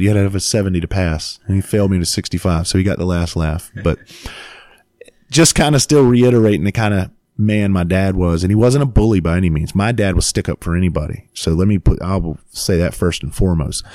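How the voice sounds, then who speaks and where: A man and father telling a story in casual chat, animated and swearing freely, laughing as he goes. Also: sits low, no room sound.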